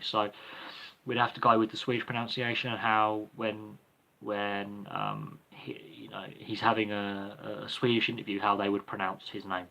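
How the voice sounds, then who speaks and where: A man with a lowish, creaky, bright voice and a forceful tone hosts a livestream Q&A. He answers viewer questions off the cuff, rambling and hesitant, with lots of ums and restarts.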